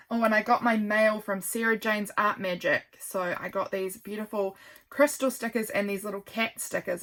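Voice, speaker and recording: A woman's voice: medium pitch, a bit bright. Chatty New woman gushing over crafts. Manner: chatty, gushing, thinks aloud. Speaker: craft vlogger. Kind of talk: casual journal flip-through.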